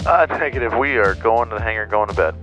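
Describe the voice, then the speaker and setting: A man's voice: lowish voice, lively intonation, fast, a bit bright. A man piloting a small plane at night, chatting with his crew and making radio calls in a joking, easygoing way. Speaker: pilot and host. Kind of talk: casual cockpit chat and radio calls. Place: small plane cockpit in flight. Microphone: aviation headset. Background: music.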